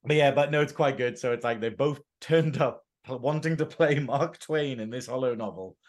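A man's voice: medium pitch, normal speed. An English man in casual podcast chat, reviewing a TV episode, laughing often and slipping into jokey put-on accents. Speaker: podcast co-host.

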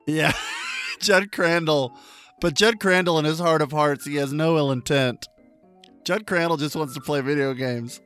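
Goofy podcast dude narrating a dumb story, laughs a lot, faint music under him. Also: male voice, fairly high pitch, unhurried, fairly bright tone, clean tone. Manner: jokey, laughs often, slides into silly voices. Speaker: podcast co-host and game narrator. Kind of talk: comedic podcast banter and improvised narration.

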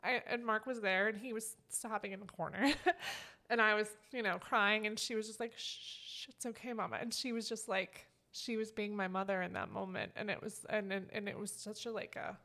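A woman's voice: medium pitch, fairly quick, sharp tone. A woman co-hosting a podcast, talking in a casual, emotional way and rambling with many fillers. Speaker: podcast co-host. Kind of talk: casual heartfelt chat.

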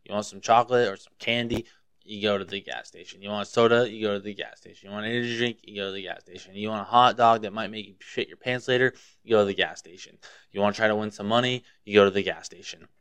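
Low-voiced young man ranting casually. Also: fairly even intonation, quick pace, fairly bright tone, clear, resonant tone, no room sound. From Montana. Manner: profane, rambling, fired up. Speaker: podcast host. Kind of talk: casual solo podcast rant.

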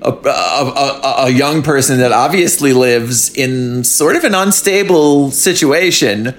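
A man's voice: medium pitch, unhurried. Swearing, ranting male podcast co-host. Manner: profane, exasperated rants. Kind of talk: casual chat. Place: home guest bedroom studio.

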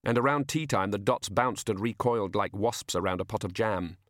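Man narrating a story in a dry, measured way. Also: fairly low pitch, no room sound. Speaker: audiobook narrator. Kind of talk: scripted narration.

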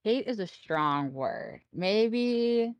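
A woman's voice: mid-range voice, expressive, extremely slow, no echo, highs cut off. Hesitant woman, dry close mic. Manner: hesitant, hedging. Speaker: podcast co-host. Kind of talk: casual chat.

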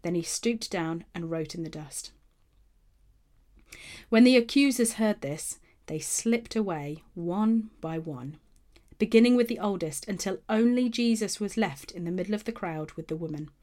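A woman narrating a Bible passage in a steady, clear storytelling manner, letting phrase ends fall. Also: lowish voice, a little slow.

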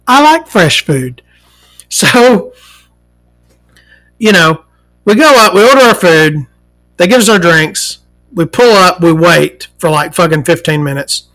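A woman hosting a casual talk show, ranting in a profane, animated, rambling way. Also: fairly low pitch, unhurried, long pauses.

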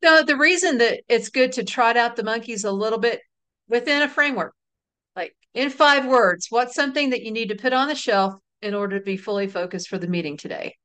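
A middle-aged woman, an author being interviewed, telling stories in a relaxed, laughing way. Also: a little high, a little fast, smooth. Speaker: author and guest. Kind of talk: casual interview chat.

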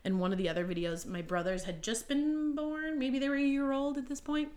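A woman in her thirties co-hosting a casual podcast, telling animated family stories and breaking into loud laughter. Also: high voice, a little fast. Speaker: podcast co-host. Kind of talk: casual chat.

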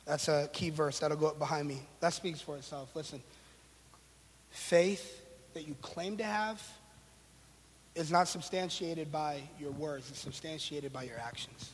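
A man with a notably high voice gives a relaxed, conversational sermon. He mixes slang and playful sarcastic asides into his preaching. His voice trails off in a long reverb. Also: a little slow, slightly rough.

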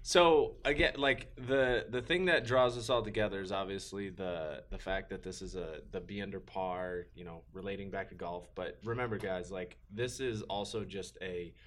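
A man's voice: sits low, normal speed, hardly any pauses, fairly bright tone, slight background noise. A man hosting a casual podcast about golf who rambles and restarts his sentences often. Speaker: podcast host and golf coach. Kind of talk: casual chat.

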